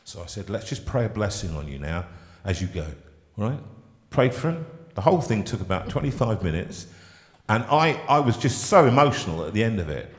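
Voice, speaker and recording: A man hosting a live show, telling an emotional personal story with halting restarts. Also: fairly low pitch, big pitch swings, echoey room, in a large hall. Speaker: host.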